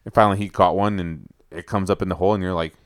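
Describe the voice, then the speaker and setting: Deep smooth man. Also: fairly even intonation, racing, dry recording. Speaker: podcast co-host. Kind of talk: casual chat.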